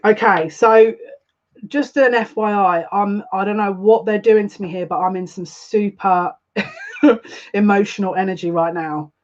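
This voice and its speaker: A woman chats her way through a live psychic card reading, rambling from thought to thought and wearing her feelings openly. Her voice sits at a middling pitch for a woman. The stream audio is a little dull and lo-fi. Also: steady tone, a little slow, a little hiss or hum. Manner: chatty, rambling, openly emotional. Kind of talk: live collective tarot reading.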